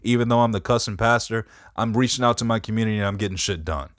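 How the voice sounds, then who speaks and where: Low-ish guy rambling on a podcast, cussing casually, dry close sound. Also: fast, dry recording. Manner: rambling storyteller, swears freely. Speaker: podcast host. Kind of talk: casual chat.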